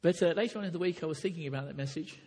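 A man's voice: a little high, very fast, darkish tone, breathy edge. A man preaching a sermon to fellow preachers, earnest and emphatic, often restarting his phrases and building to raised peaks. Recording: echoey hall reverb.

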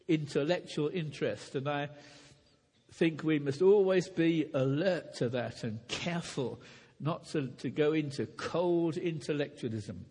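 Husky-voiced preacher in an echoey hall. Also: male voice, medium pitch, darkish tone. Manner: earnest, with frequent restarts and rising emphatic peaks. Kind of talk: sermon to preachers.

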